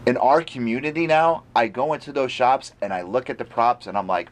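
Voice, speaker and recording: A man's voice: medium pitch, lively intonation, brisk. Rambling man co-hosting a geek show. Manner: rambling, stumbling restarts. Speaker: podcast co-host. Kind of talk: casual chat.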